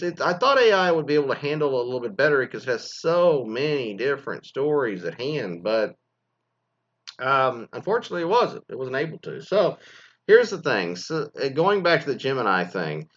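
A man's voice: mid-range voice, dull audio. A man hosting a podcast, giving casual, rambling commentary that drifts off on tangents. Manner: rambling, animated, goes off on tangents. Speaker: podcast host.

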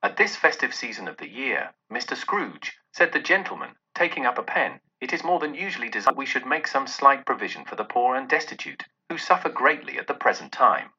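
A man reads a classic story aloud, voicing every exchange of dialogue with plenty of rise and fall. His voice is very bright but husky. The recording sounds dull and lo-fi. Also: medium pitch, a little fast, few pauses. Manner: lively expressive reading with voiced dialogue. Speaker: narrator. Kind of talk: audiobook reading.

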